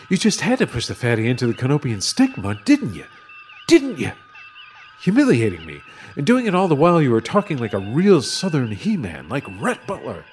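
A man's voice: a little high, slight background noise. A man voicing a fretful, scatterbrained male politician aboard a starship in a comedy audio play. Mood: whiny. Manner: whiny, rambling, easily distracted. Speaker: voice actor.

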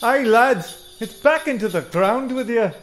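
A man putting on a gruff old mine foreman. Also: extremely high pitch, expressive, unhurried, faint music behind. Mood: bossy. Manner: bossy, clipped orders.

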